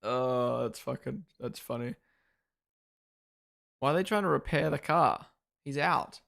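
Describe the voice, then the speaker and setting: A man's voice: medium pitch, measured pace, vocal fry, fairly bright tone. Chatty young man reacting live. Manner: chatty, reactive, thanks viewers by name. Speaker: streamer hosting a watchalong. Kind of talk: casual live-stream commentary.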